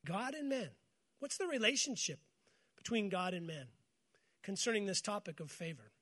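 High-pitched guy pastor preaching, gets the crowd to repeat stuff back, jokes around between scripture bits. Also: very animated, normal speed, pauses often, a bit bright. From United States. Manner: call-and-response with congregation, storytelling with humor. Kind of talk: sermon.

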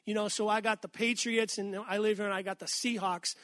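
A middle-aged man from Massachusetts preaching a conversational sermon, asking the congregation questions and slowing down when he reads scripture. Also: sits high, level tone, fairly bright tone, no echo, studio quality. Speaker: pastor.

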